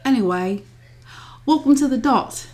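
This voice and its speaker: A woman's voice: high-pitched, expressive, measured pace, a little mellow. A woman hosting a podcast with her younger sister, chatting casually and teasing her. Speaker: podcast co-host. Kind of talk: casual chat.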